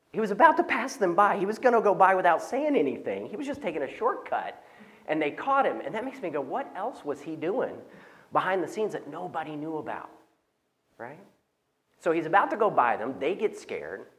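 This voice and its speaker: A man giving an inspirational talk to agency workers, telling a story and acting out the reactions of the people in it. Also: fairly high pitch. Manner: animated, acts out quoted reactions. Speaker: speaker at a conference for social service agencies.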